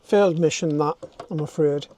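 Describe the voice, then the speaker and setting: A man's voice: a little high, normal speed, warm tone, a little hiss or hum. An older man, vlogging casually to a handheld camera as he works inside a camper van, self-mocking and thinking aloud. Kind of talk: casual DIY vlog talk to camera.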